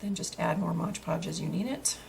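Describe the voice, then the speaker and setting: A woman with a fairly low voice hosts a craft tutorial and explains each step as she works. She talks in a chatty, easygoing way, full of fillers and small restarts. A faint hiss sits under the recording. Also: lively intonation, a little fast, creaky, a little mellow. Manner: chatty, with many fillers and restarts while working.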